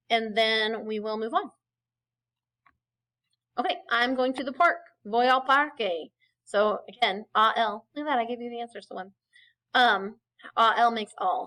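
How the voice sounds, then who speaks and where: A woman teaching Spanish in a recorded lecture over slides, explaining patiently and often checking in with a quick "okay?". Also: a little high, sharp tone, poor audio.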